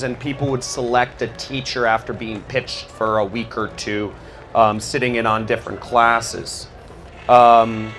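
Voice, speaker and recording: A man's voice: medium pitch, a bit bright. A man giving a loose, rambling talk, full of fillers and restarts. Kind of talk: casual spoken talk on history.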